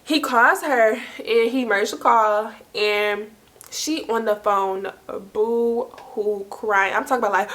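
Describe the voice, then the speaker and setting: A young woman vlogger telling a story in casual, slangy speech, lively and quick to laugh. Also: fairly high pitch. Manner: animated, slangy, laughing as she tells it.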